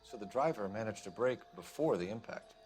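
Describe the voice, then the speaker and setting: An actor playing a calm male police detective in a crime game, questioning witnesses in short, methodical lines. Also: fairly low pitch, fairly quick, lightly acted. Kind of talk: 1940s noir game dialogue.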